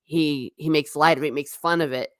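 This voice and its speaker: A deep-voiced woman reviews a TV show on a live stream, talking casually at a moderate pace and eagerly acting out quotes from scenes in an animated way. The recording is dry and studio quality.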